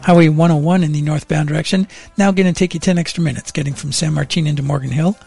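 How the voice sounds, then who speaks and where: A man on morning radio reading the traffic and weather report in a plain, measured way from a studio. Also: on the high side, steady tone, vocal fry, darkish tone, breathy edge, faint music behind.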